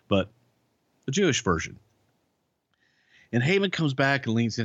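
A man's voice: on the low side, expressive, normal speed, long pauses, no echo. A man co-hosting a podcast, telling rambling, profane stories about life on the road, full of restarts. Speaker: podcast co-host, former wrestling writer. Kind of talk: casual storytelling. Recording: dull, lo-fi podcast audio.

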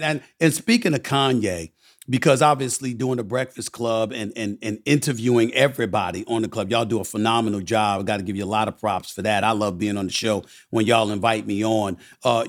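A man hosting a candid interview who asks long, emphatic questions. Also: medium pitch. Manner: emphatic, drawn-out questions with repeated stressed words. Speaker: interviewer and host.

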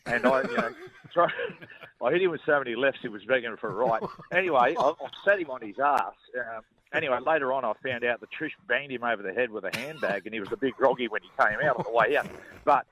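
This former rugby league player, a middle-aged man from Newcastle, Australia, spins casual yarns during a radio interview in a mid-range, slightly bright voice. He speaks quickly and laughs easily, often tripping over words and saying them twice. The sound is muffled and dull, like an old broadcast.

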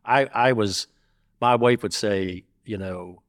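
A man's voice: on the low side, slow, dry recording, clean studio sound. An older man telling stories bluntly and with a lot of swearing, acting out what people said. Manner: blunt and profane, telling stories with quoted dialogue. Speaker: interview guest. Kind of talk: casual storytelling.

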